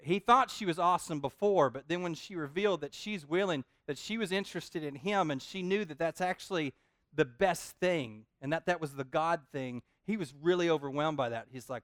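A man preaching a sermon in an animated, joking way, often repeating his words. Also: a little high, fairly quick, dry recording, studio quality. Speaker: pastor.

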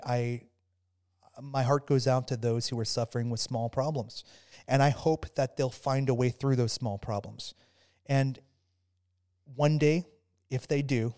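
Man, podcast guest, middle pitch, halting restarts, storytelling, grows animated. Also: clear, resonant tone. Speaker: podcast guest, former soldier. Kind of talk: casual storytelling interview.

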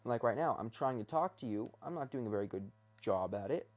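A young man talks off the cuff from his bed, rambling between topics. He stops and restarts often, hunting for words, and his pitch sits mid-range for a man. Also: animated, a little fast. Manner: meandering, hesitant, full of restarts and fillers. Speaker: vlogger. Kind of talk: casual rambling rant. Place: bedroom.

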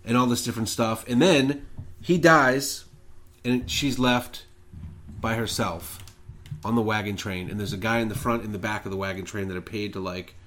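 A man's voice: lowish voice, moderate pace, a little hiss or hum. Easygoing male podcast co-host. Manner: relaxed, chatty recapping with mild swearing. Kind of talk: casual chat.

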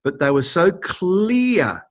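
A man's voice: sits high, takes it slowly. A middle-aged Australian man with an Australian accent, an acting teacher answering interview questions, telling stories expressively with frequent restarts. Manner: expressive, acts out quoted people, frequent restarts.

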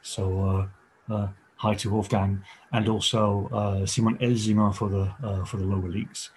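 Man, 40s, from the Netherlands, native Dutch, football scout guest, hesitant, lowish voice, faint background noise. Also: flat delivery, moderate pace. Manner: hesitant, many "uh"s and restarts. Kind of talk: casual podcast interview.

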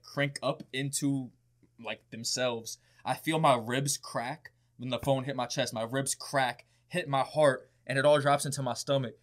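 A young man telling a story in casual podcast chat, with a mid-range pitch. He talks animatedly, swears often and laughs along the way.

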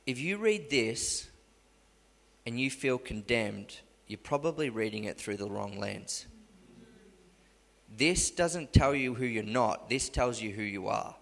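A man preaching a sermon in an animated, conversational way, often restarting sentences. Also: mid-range voice, takes it slowly, creaky, in a large hall.

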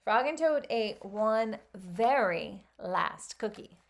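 A health coach reading a children's story aloud and then commenting on it in an animated way, with frequent laughs. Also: female voice, medium pitch, takes it slowly, gravelly.

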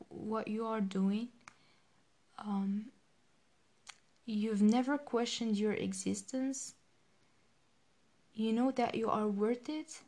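A young woman's fairly high voice talks slowly through a personal podcast monologue. She is emotional and halting, with many pauses and restarts as she reflects. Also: darkish tone. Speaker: podcast host.

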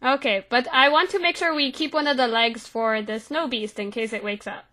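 A woman's voice: on the high side, steady tone, moderate pace, pushed and bright. A woman voicing a practical female hunter who calls out in a matter-of-fact way in a tabletop game. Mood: busy.

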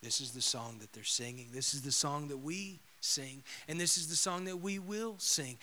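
A bright, fairly high male voice, preaching a sermon. He tells stories in a lively way and swings from loud proclamation down to a hushed whisper. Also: moderate pace, hardly any pauses. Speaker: pastor.

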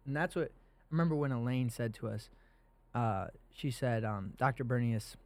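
A man's voice: mid-range voice, moderate pace. A young man hosting a casual faith podcast, talking earnestly and animatedly about scripture. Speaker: podcast host.

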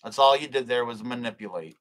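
Livestream preacher, male, bright forceful voice, fervent and repetitive, stumbles over words. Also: mid-range voice, a little fast, rough recording. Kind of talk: live-streamed prayer and preaching.

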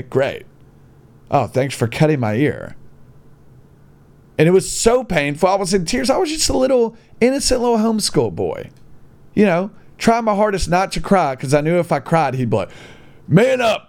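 Animated young man ranting casually. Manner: animated, swings between high exclamations and low mutters; blunt, swears casually. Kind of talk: casual storytelling monologue.

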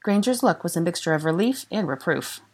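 Woman narrator, deep voice, measured, audiobook story reading. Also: animated, darkish tone. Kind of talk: fan fiction audiobook reading.

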